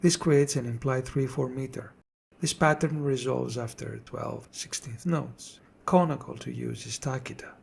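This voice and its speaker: A man narrating a scripted drum tutorial in a measured, explanatory way. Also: mid-range voice, creaky, husky. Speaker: drum teacher.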